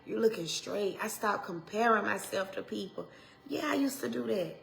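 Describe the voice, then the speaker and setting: A woman minister with an Atlanta accent, preaching in a heartfelt talk that swings from hushed tones to loud exhortation, with Southern turns of phrase and repeated lines. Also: medium pitch, expressive, moderate pace, gravelly. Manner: impassioned, swings from hushed to shouting.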